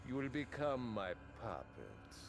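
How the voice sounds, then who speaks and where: A gloating cult leader. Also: male voice, mid-range voice, huge pitch swings, creaky, noisy background, heavily acted. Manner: slow, gloating, mock-polite menace. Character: sinister older male cult leader, smug, theatrical. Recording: game audio over music.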